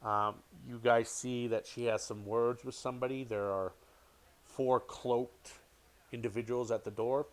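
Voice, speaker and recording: A man's voice: medium pitch, steady tone. Hesitant male game master narrating the scene, ordinary middle voice. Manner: halting, with many ums and restarts.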